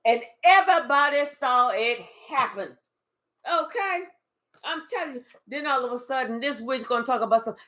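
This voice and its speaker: Speaking straight to camera, a woman gives a casual, profane tarot reading, channeling the cards emphatically, swearing, and murmuring asides to spirit. Her high voice is fairly bright and moves at a normal speed.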